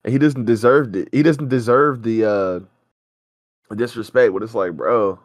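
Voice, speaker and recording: A man's voice: mid-range voice, a little slow, dry recording. Man, emphatic profane rant, reaction show co-host, dry close sound. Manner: heated, emphatic, ranting. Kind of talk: casual profane reaction chat.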